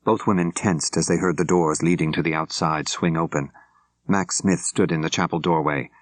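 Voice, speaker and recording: An older man narrating an audiobook in a measured, clear storytelling manner, close to the microphone. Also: low-pitched, fairly even intonation, dry recording. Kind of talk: scripted narration. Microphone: close studio mic.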